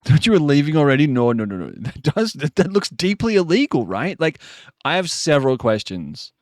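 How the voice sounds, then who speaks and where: A man's voice: fairly high pitch, very animated, a little fast, no echo, clean studio sound. A man chatting casually on a live stream, rambling and joking, with frequent swearing. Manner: rambling, jokey, swears often.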